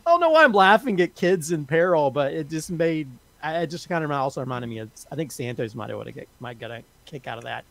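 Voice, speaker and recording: A man casually reviewing a horror film on a podcast panel, speaking haltingly with many restarts and often laughing. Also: on the high side, expressive, creaky, a bit bright, dry recording.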